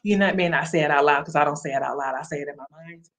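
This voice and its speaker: A woman's voice: low voice, very fast, fairly bright tone. Encouraging woman hosting a livestream. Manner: preachy, encouraging, addresses viewers directly. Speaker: livestream host. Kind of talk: casual motivational livestream talk.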